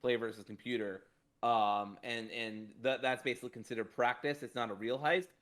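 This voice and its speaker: Man, podcast panelist, animated, casual storytelling, middle pitch. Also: a little fast.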